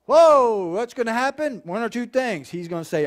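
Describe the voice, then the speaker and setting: A pastor preaches to his congregation in a loose, conversational way. His voice sits high for a man, and he keeps checking in with his listeners, then pushes hard on the points that matter. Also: expressive, moderate pace. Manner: conversational preaching with repeated "okay" checks, rising to loud emphatic peaks. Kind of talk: sermon.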